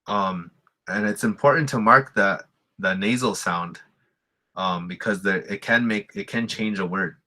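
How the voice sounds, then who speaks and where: A man giving a relaxed spoken language lesson, explaining with fillers and repeating example words slowly. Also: sits low. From Lakota community in the US. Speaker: language teacher.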